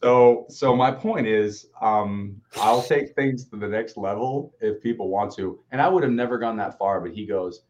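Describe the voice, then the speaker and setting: Male co-host, low register, dull lo-fi sound, animated storyteller who swears. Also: normal speed, few pauses. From Boston area. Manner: animated, swearing, acts out quotes. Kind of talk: casual storytelling. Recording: dull lo-fi audio.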